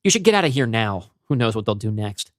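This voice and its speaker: A man voicing a weary, lonely grown man who talks in a calm, matter-of-fact way. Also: fairly low pitch, fast, no room sound, studio quality. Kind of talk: podcast story reading.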